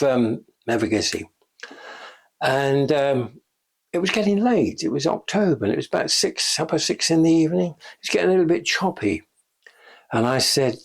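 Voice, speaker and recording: An older man recounts backstage stories in a relaxed chat, often breaking into laughter and playing out the voices he quotes. His voice is husky and breathy, and his pitch swings widely from phrase to phrase. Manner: chatty, laughs often, acts out quoted lines. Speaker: interviewee, special effects veteran. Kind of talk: casual anecdotal storytelling. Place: shop.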